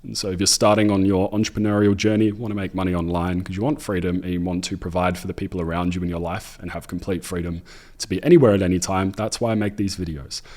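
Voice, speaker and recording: A man's voice: low-pitched, level tone, fast, a little mellow. An upbeat young Australian man with an Australian accent, talking casually to camera about running online businesses, with a jokey, self-deprecating manner. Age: 20s. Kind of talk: casual direct-to-camera talk.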